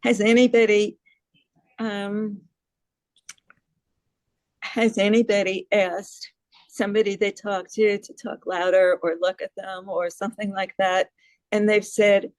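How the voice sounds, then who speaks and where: A woman's voice: medium pitch, little pitch movement, unhurried, long pauses, dry recording, poor audio. Chatty woman from New York City. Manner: chatty, asks the audience questions, laughs at herself. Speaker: presenter on hearing loss advocacy. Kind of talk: casual presentation to a group.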